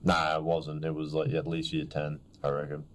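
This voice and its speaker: A young man, co-hosting a podcast and telling a story in a casual, animated way. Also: very deep voice, moderate pace, a little hiss or hum. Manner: animated storytelling, acts out others' voices. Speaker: podcast co-host. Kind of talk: casual chat.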